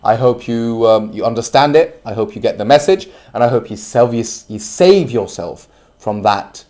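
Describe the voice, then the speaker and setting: A young man giving an earnest, preachy personal monologue, slow and emphatic, sometimes bursting into loud yelling. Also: medium pitch, expressive. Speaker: self-development vlogger.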